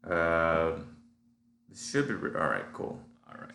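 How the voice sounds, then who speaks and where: A man with a low, bright voice and a forceful tone speaks slowly in a sing-song way, with vocal fry and a stuffy nose. As a solo audio diarist, he rambles casually and meanders, full of fillers and restarts. His home recording setup at a computer sits in an echoey apartment room with a faint hum.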